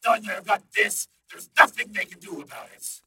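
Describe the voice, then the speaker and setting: A male narrator voicing a computer intelligence that talks like a man on the phone, calm and a little smug. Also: high voice, fairly quick, far from the mic, heavy background noise, voice pushed up.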